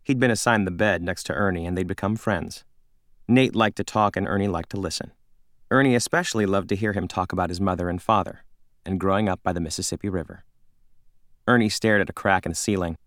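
A man reading a children's novel aloud in a calm, measured narration. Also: sits low, no room sound, studio quality. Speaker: audiobook narrator. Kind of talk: scripted narration.

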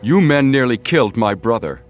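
A man reading a steady teenage boy detective. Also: mid-range voice, normal speed, soft background music, pitched above the performer's own voice, natural voice. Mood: shouting.

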